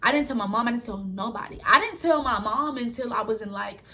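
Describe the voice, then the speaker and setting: A woman's voice: fairly high pitch, quick pace, pushed and bright. A young woman vlogger talking frankly and casually to her viewers, rambling through a personal story. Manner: rambling, frank and colloquial, addresses viewers as y'all. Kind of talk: candid personal storytelling to camera.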